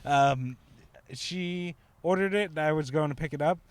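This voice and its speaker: In a casual storytelling chat, a male podcast co-host rambles through a story with many fillers and frequent laughter. He sounds a little high and smooth, talks at a moderate pace, and there's no room sound.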